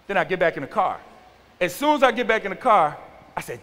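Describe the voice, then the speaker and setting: A man in his forties, a youth pastor giving an animated sermon and acting out teenagers' talk. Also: high voice, fast talker. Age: 40s. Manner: animated, acts out teen slang with exaggerated voices. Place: church sanctuary. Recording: large hall with long reverb.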